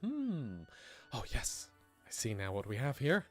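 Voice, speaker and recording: A man's voice: medium pitch, huge pitch swings, unhurried, faint music behind. A man voicing an eager, fussy male historian, reading game dialogue aloud in a theatrical, wordy way. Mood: excited scholarly.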